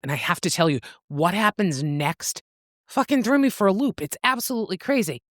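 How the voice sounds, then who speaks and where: A woman's voice: medium pitch, sing-song, brisk, no echo, clean studio sound. A woman co-hosting a book podcast, animatedly retelling a novel's plot and swearing freely. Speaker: podcast co-host. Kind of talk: casual book-club recap.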